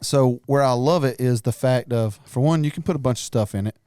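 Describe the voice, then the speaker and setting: A man's voice: medium pitch, brisk, warm tone, clean tone, dry recording, studio quality. A man co-hosting a hunting podcast, talking in a laid-back, casual way and laughing often. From North Carolina, US. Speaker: podcast co-host. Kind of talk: casual chat.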